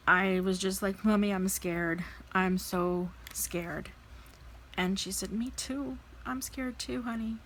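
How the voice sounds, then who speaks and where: A woman in her thirties, a vlogger telling a personal story in a candid, animated way, acting out the people she quotes. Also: medium pitch, slight background noise, poor audio. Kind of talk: casual storytelling while crafting.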